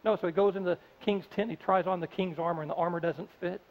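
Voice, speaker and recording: A man preaches a sermon in a conversational, storytelling way, slipping into the voices of the characters as he goes. His voice sits high. The audio is dull, with a long reverb from a large church hall. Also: steady tone, quick pace. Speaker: pastor.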